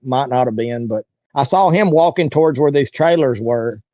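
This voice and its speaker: A man's voice: medium pitch, lively intonation, moderate pace, a little mellow, dry recording, dull audio. A man, an interview guest telling a long story in a rambling, folksy way. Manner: rambling, folksy, lots of "you know" and "like". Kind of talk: casual storytelling.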